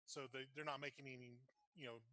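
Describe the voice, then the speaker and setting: Man caller, halting, sharp bright tone, dry. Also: medium pitch, steady tone, dry recording. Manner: halting, with "you know" fillers. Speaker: caller asking a question. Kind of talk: casual question on a video call. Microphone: video call.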